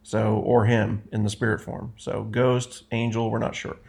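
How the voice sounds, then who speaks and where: A man's voice: fairly low pitch, flat delivery, a little slow, vocal fry, darkish tone. A man leading an informal Bible study, reading passages aloud and explaining them in a conversational way, often correcting himself. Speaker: Bible teacher.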